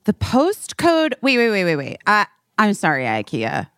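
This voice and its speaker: A woman's voice: medium pitch, huge pitch swings, measured pace, clean tone, no echo, clean studio sound. A woman chatting casually over a video call, rambling and swearing freely. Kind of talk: casual chat.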